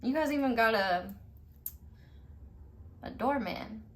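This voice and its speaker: Speaking slowly in a fairly high, animated voice, this tarot reader walks listeners through a relaxed pick-a-card spread. Her talk is emphatic and chatty, sprinkled with "like," offhand swearing, and frequent laughter.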